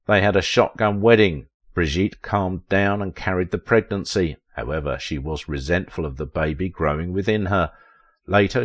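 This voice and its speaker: A man narrating a scripted documentary in a dramatic storytelling manner, with wry asides. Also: sits low.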